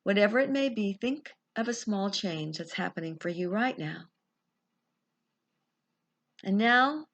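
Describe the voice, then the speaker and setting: Woman gently leading a guided visualization. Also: medium pitch. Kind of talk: guided meditation.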